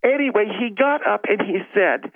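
A man's voice: high-pitched, animated, no room sound. A man doing a brassy lady caller. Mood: boastful, combative. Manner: boastful, combative, drawn-out storytelling. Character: brash Southern woman caller, boastful and combative. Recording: tinny phone line.

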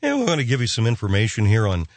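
A man's voice: on the low side, huge pitch swings, very fast, no echo. A man putting on the voice of a smug, oblivious radio doctor hosting his show. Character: mock radio doctor host, smug middle-aged man.

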